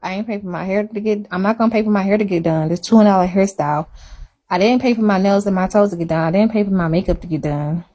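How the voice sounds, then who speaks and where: A woman talks casually on a live stream, her pitch sitting in a middle range. She chats in an emphatic way and repeats lines for effect. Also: fast, mellow. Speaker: livestreamer.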